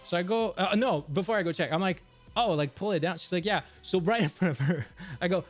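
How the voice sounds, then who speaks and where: Young male streamer, high lively voice, expressive storyteller, faint music underneath. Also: fairly quick. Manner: animated, swears freely, laughs while telling. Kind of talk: casual storytelling.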